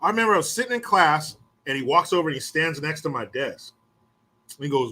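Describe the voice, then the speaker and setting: Bright-voiced man telling profane stories. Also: a little high, moderate pace, long pauses. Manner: profane, animated, acts out quotes of others. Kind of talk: casual storytelling.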